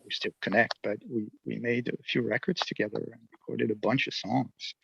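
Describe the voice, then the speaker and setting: A musician with a French accent, telling stories in a casual interview, animated and laughing often. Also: male voice, fairly low pitch, normal speed, gravelly, breathy edge, dry recording, highs cut off. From near Geneva. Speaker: musician guest.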